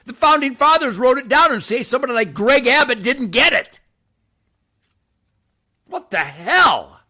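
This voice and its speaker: An older man hosting his own show, ranting boastfully to camera by a campfire outdoors, with wild swings between shouting and muttering. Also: a little fast. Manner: brash, boastful, loud swings in pitch and volume.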